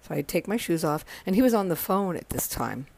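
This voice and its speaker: A woman's voice: lowish voice, very animated, a little fast, gravelly, a little mellow, dry recording. A woman telling stories on her podcast, overtired, rambling and correcting herself as she goes. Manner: rambling, self-correcting, acts out quotes. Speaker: podcast host. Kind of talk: casual storytelling monologue. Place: home.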